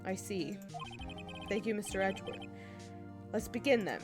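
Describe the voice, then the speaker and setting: A woman doing a calm older male judge, measured and formal, slightly lower voice, game music behind. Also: lightly acted.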